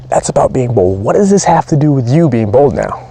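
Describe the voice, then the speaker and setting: Fired-up profane man coaching, lively pitch. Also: brisk, husky. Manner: blunt, profane, pumped-up. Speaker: performance coach. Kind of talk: motivational training talk.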